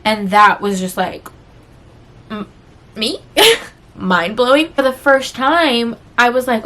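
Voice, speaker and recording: A woman's voice: fairly high pitch, lively intonation, slow pace, long pauses, pushed and bright. A woman vlogger talking candidly and emotionally to her viewers in a rambling, confessional chat full of fillers. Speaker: book vlogger.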